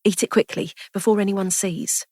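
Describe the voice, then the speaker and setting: A woman reading a story, voicing a kind, impulsive young woman who speaks in a lively, affectionate way. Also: mid-range voice, moderate pace, no room sound, studio quality, natural voice. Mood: warm.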